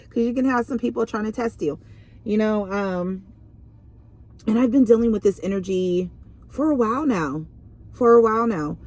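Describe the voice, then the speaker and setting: A woman's voice: mid-range voice, moderate pace, long pauses, a little mellow. A young woman reading tarot in a casual vlog, chatty and rambling, full of fillers and restarts. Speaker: tarot reader.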